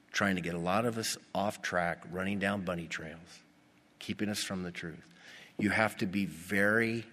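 Low-voiced pastor preaching in a reverberant hall. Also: male voice. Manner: animated, rhetorical questions to the congregation. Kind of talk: sermon. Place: church. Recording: long reverb of a church hall.

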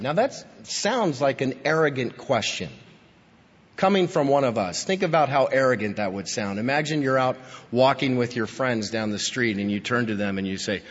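A man preaching a sermon as pastor, emphatic, rising to stress key points and then dropping low. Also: animated, normal speed, slightly rough. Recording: dull, lo-fi recording with long hall reverb.

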